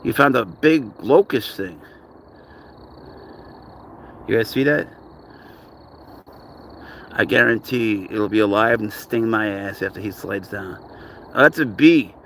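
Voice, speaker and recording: A man's voice: fairly low pitch, a little hiss or hum. A man filming his cat at an outdoor playground, chatting casually with profane, exasperated banter. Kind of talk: casual vlog chat.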